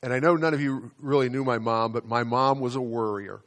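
Man, pastor giving a chatty sermon, mid-pitched voice, repeats words, slows down for emphasis. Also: steady tone, fairly bright tone. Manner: conversational, slows down to stress key phrases, repeats words.

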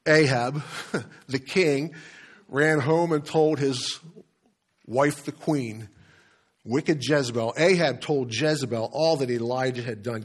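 A man preaching a sermon in an animated storytelling manner. He repeats words and chuckles as he speaks. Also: mid-range voice, measured pace, breathy edge. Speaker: pastor.

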